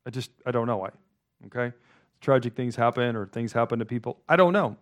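Male pastor, middle-of-the-road pitch, chatty and rambling sermon delivery with frequent restarts. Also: animated, a little fast. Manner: rambling, loose, restarts often. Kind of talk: conversational sermon.

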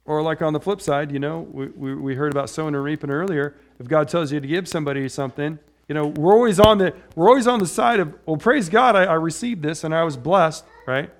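A middle-aged man preaching a casual, conversational sermon, wandering into personal stories and often checking in with "right?". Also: a little high. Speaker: pastor.

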